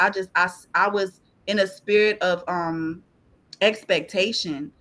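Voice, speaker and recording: A woman guest on a podcast, sharing a personal faith testimony in an animated, laughing, tearful storytelling way. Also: mid-range voice, normal speed. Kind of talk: testimony in casual chat.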